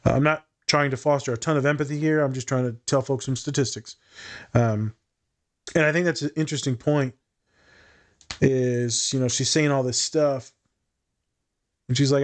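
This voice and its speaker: This podcast co-host, a man with a medium-pitched voice, talks at a moderate pace in a steady tone, pausing often. He is blunt and candid in a casual discussion, swearing freely and thinking aloud with fillers and restarts.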